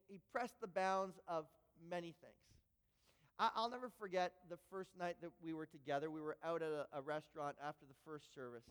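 A man preaching a sermon and telling a story, animated and often repeating words when he gets excited. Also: fairly high pitch, smooth. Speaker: pastor. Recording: long hall reverb.

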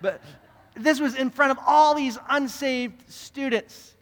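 A young man, a pastor telling a story in his sermon, earnest and animated, often repeating words as he goes. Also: very high-pitched, slow pace. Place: church sanctuary. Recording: reverberant church hall.

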